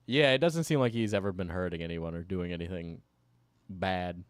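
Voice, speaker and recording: A man's voice: low-pitched, normal speed, smooth, dry recording. A man streaming and reacting to a video, chuckling and rambling through casual asides.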